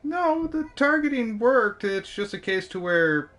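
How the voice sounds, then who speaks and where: A man's voice: high-pitched, very animated, unhurried, fairly bright tone, voice pushed up, full character voice. A man voicing a hungry male companion who eats the dead, speaking in a casual, plain way.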